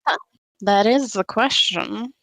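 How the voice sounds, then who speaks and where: A woman's voice: medium pitch, slow pace, a bit bright, no echo, low-quality recording. A woman from Canada, a fellow player chatting casually and patiently explaining rules, with light teasing. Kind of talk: casual chat during a board game.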